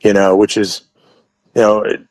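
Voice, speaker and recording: A man's voice: lowish voice, flat delivery, moderate pace, a little mellow, no room sound, rough recording. A man who owns a wrestling promotion, telling stories as an interview guest in a rambling way, full of restarts and asides. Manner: rambling, many restarts and "you know" asides. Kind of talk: casual interview storytelling.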